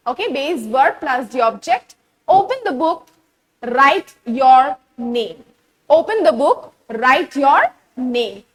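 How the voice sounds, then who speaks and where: A woman's voice: very high-pitched, fairly bright tone, low-quality recording. A woman teaching grammar step by step, often checking in with "okay?" and rhetorical questions. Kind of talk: online grammar lesson.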